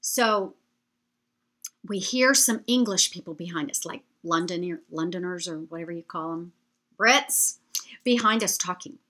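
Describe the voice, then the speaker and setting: A woman telling a travel story to her viewers in a chatty, animated way. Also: fairly low pitch, a little slow. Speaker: vlogger. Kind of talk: storytelling travel anecdote to camera.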